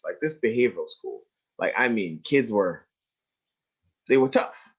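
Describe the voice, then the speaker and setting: A man's voice: lowish voice, animated, unhurried, long pauses, husky. A man presenting a webinar lecture on trauma, telling classroom stories emphatically and checking in with listeners with "right?" and "you see?". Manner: emphatic storyteller, swings between hushed and raised, stretched phrases.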